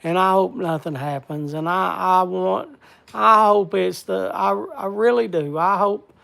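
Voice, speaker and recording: Gravelly man, halting and heartfelt. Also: sits high, fairly even intonation, pushed and bright. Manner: halting and repetitive, stumbling over words; heartfelt, effusively thankful. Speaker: livestream host. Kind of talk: casual live stream chat.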